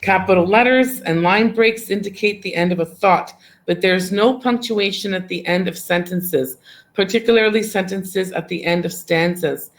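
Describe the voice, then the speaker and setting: A woman's voice: medium pitch, normal speed. A woman teacher leading a class discussion on poetry, asking questions, praising answers and repeating them back to the students.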